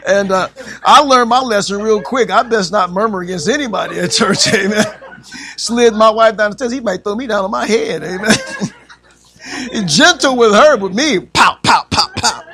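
High-voiced guy teaching bible class, bright tone, amen every other line, chuckles a lot. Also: moderate pace. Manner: says amen constantly, asks the class questions; chuckles often.

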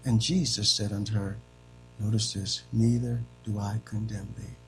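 A man preaching a sermon, swinging from loud emphatic peaks to soft, hushed lines. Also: lowish voice, flat delivery, normal speed, over music, low-quality recording. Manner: swings between shouting and soft, dramatic delivery.

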